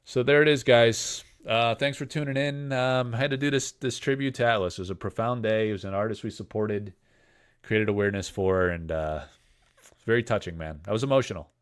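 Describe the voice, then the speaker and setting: A man's voice: lowish voice, fairly quick, clean tone. A man hosting a casual livestream, joking and rambling while he reads chat comments aloud. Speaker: livestream host selling card breaks.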